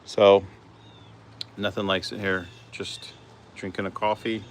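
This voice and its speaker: A man with a very low, deep voice strolls his backyard, talking easily into a handheld phone. He rambles and chats with his hens in a relaxed, unhurried way. Faint outdoor ambience sits underneath. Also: a little hiss or hum. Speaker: backyard chicken keeper, vlogger. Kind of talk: casual walk-and-talk vlog. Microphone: handheld phone camera.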